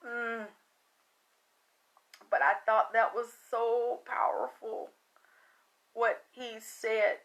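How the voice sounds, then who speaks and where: A woman's voice: fairly high pitch, flat delivery, extremely slow, pauses often, fairly bright tone. A tired woman talking to her livestream viewers, emotional and rambling, often trailing off into sighs. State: tired from late night. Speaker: psychic reader.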